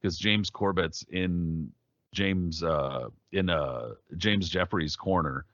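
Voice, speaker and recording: A man co-hosting a podcast, telling a story in casual chat, profane and animated, slipping into quoted voices. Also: low-pitched, slow pace, no room sound, highs cut off. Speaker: podcast co-host.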